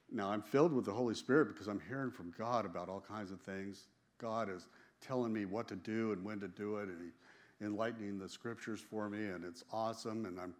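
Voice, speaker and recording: Animated man telling a testimony. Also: on the low side. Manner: animated, emphatic, laughs often; repeats and restarts phrases. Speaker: man sharing a religious testimony. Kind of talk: casual personal testimony storytelling.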